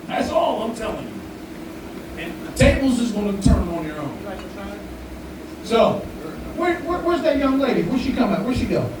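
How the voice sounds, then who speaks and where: A man hosting a live community event, talking casually to the crowd in a profane, joking, animated way. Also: very high voice, normal speed, long pauses. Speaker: event host. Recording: very echoey room, far from mic, audible background noise.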